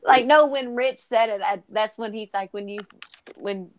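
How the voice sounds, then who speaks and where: A woman's voice: medium pitch, moderate pace, over a noisy crowd. Giggly woman joking on a stream. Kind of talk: casual live-stream chat.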